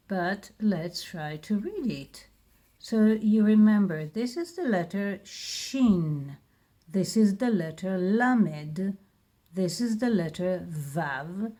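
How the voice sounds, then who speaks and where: A woman's voice: medium pitch, warm tone. A woman with an Israeli accent teaching a lesson, patiently repeating each word. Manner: patient, repeats words slowly. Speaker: Hebrew teacher. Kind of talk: slow spoken lesson.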